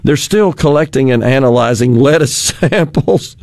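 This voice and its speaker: A man's voice: medium pitch, animated, normal speed, a little mellow, dry recording, clean studio sound. A man hosting a talk radio show, commenting sardonically on the news, chuckling and mocking officials in quoted voices.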